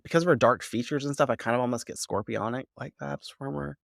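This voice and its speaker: A man's voice: mid-range voice, fast talker, creaky, a bit bright, no echo, studio quality. A man co-hosting a podcast, giving a loose, rambling recap full of "like" and casual swearing, laughing often. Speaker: podcast co-host recapping episodes.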